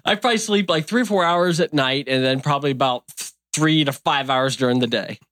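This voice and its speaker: A man's voice: medium pitch, brisk, a bit bright, no echo, clean studio sound. A man in his fifties who owns a donut shop, talking in a casual interview in an earnest, folksy, rambling way. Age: 50s.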